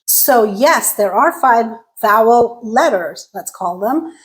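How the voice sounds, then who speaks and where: A woman teaching English pronunciation as the host of her channel, talking straight to viewers in a clear, deliberate way. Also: fairly high pitch, low-quality recording. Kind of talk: scripted lesson to camera.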